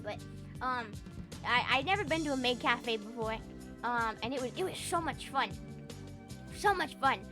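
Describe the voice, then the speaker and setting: A young woman streamer chatting casually on stream, animated and profane, rambling with lots of fillers. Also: high-pitched. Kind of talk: casual livestream chat.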